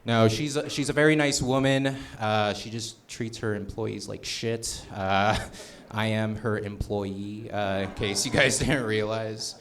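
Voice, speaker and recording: Halting self-mocking young comedian man. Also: on the low side, fairly even intonation, a bit bright, a little hiss or hum. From northern Colorado, USA. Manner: halting, self-deprecating, many uh restarts. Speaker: stand-up comedian. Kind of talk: stand-up set with crowd work. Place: comedy club stage.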